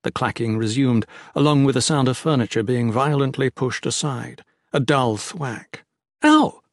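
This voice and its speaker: A man's voice: mid-range voice, no echo. Man reading an audiobook in a dry studio. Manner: measured, descriptive. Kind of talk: audiobook narration.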